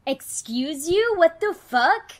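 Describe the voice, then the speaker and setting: A woman's voice: very high-pitched, animated, very slow, darkish tone, pitched above the performer's own voice, heavily acted. Woman doing a furious, foul-mouthed young woman. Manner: furious and swearing.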